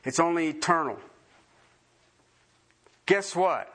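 Man, pastor, sermon, emphatic, repeats lines for stress, slightly high voice. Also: slow, long pauses. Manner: swings from soft to loud, high emphasis.

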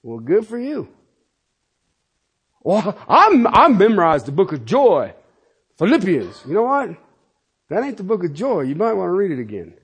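A middle-aged man preaching a sermon as a pastor, emphatic, swinging between loud declarations and quiet asides. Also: high voice, wildly swooping pitch, moderate pace, long pauses, slightly rough.

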